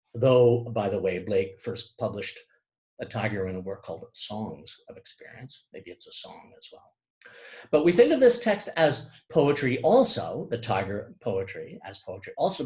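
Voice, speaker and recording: A man's voice: medium pitch, darkish tone. A man giving a recorded lecture, explaining by example with asides and restarts, and tapping out rhythm with spoken syllables.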